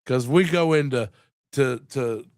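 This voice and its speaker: A man chats through his live stream in a slow, drawn-out way, joking and swearing as he goes. He sounds sick and worn out. The sound is close and dry, with no room behind it. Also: medium pitch, a little mellow, no echo. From Louisiana. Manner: rambling, joking, swearing, laughs often. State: sick and tired. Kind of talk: casual live-stream chat. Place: home room.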